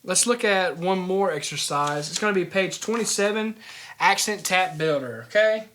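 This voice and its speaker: A man teaching a drumming lesson in a casual, relaxed way, often checking in with the student. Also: sits high, moderate pace, a little hiss or hum. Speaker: drum teacher. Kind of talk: casual instructional talk.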